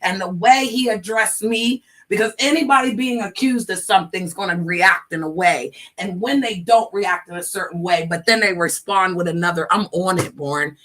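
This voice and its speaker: Bright, dramatic woman livestream host. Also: on the low side, normal speed, few pauses. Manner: dramatic, laughing storyteller, drawls "darling" and "honey". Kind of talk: casual livestream chat.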